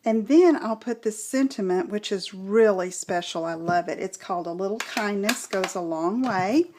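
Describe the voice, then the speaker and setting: A woman hosting a craft tutorial, gently explaining each step as she works. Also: mid-range voice, normal speed, noisy background.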